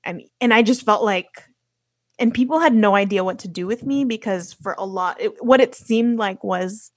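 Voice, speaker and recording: A woman's voice: medium pitch, normal speed, no echo. A young woman from the United States, a podcast guest, talking casually with lots of fillers and restarts. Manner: storytelling with many fillers and restarts. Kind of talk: casual conversation.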